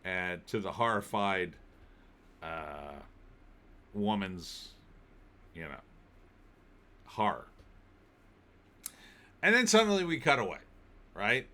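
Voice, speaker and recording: A man's voice: low voice, big pitch swings, slow pace, long pauses, bright, forceful tone. A man giving a casual spoken film review, recapping the plot with wry disbelief.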